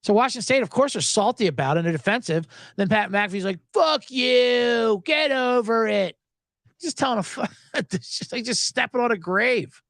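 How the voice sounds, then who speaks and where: A podcast host in Los Angeles talks at normal speed on a live sports show, recorded in a clean studio without echo. He rants casually with animated sarcasm, often doing high-voiced, raised impressions of others.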